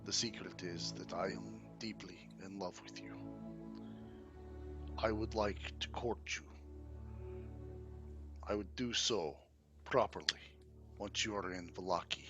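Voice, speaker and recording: A man voicing a smooth-talking undead vampire count who pleads in a courtly, hushed way, with music underneath. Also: low-pitched, a little slow, pauses often, muffled recording.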